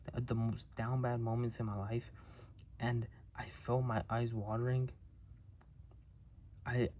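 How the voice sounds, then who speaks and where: A young man talking through a raw, halting monologue, emotional and near tears, repeating words and swearing often. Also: medium pitch, darkish tone, a little hiss or hum. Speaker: vlogger. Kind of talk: confessional monologue to camera.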